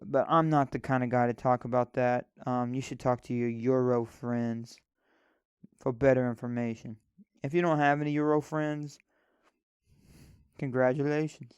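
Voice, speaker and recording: Smooth-voiced man rambling on a podcast. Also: mid-range voice, fairly even intonation, a little slow, long pauses, no room sound, lo-fi sound. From United States. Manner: rambling, sarcastic, swears casually. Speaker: podcast host. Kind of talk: solo casual podcast monologue.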